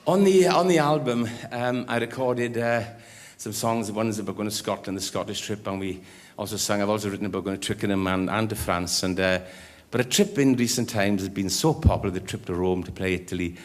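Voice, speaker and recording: A man's voice: on the low side, a little fast, hardly any pauses. Welsh man telling stories on stage. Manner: chatty, rambling anecdotes to a crowd. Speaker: comedian and singer. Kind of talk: live stand-up storytelling. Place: live show in a large hall. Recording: live hall recording with music.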